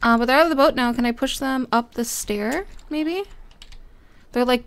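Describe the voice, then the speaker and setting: A young woman giving casual let's-play commentary as a gaming host, bubbly and chatty, talking to the game characters and breaking into excited squeals. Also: high voice, a little slow.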